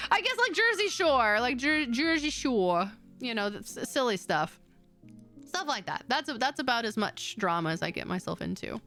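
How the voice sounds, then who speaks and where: A woman's voice: a little high, very animated, moderate pace, fairly bright tone, faint music behind. A woman streamer chatting casually with her viewers in a rambling, giggly way. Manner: rambling, chatty, giggly, reading chat aloud. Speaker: VTuber streamer. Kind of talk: casual chat stream wrap-up.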